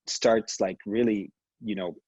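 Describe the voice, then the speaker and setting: A man from Canada, a figure skater, telling stories in an animated, casual way over a video call, with frequent restarts. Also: lowish voice, measured pace, breathy edge, no echo, muffled recording. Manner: animated storytelling with many restarts and laughs. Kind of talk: casual conversation.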